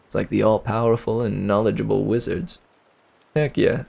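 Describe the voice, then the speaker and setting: A man's voice: fairly low pitch, steady tone, normal speed, gravelly, a little mellow, breathy edge. A man in his twenties who reads books aloud on a livestream, chatting casually with viewers in a rambling, slangy way and laughing often. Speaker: livestream book reader.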